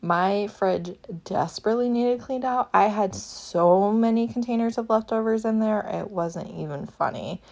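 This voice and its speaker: A woman casually vlogging at home, gushing excitedly and laughing often while unboxing a gift. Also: medium pitch, normal speed, vocal fry, few pauses. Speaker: book vlogger. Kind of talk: casual day-in-the-life vlog. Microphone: camera at an odd angle without tripod.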